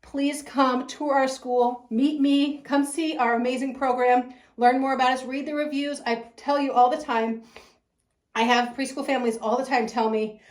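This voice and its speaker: Gushing, high-voiced preschool teacher woman. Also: fairly even intonation, moderate pace, roomy sound. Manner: effusive, gushing, laughs often. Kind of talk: enthusiastic promotional talk.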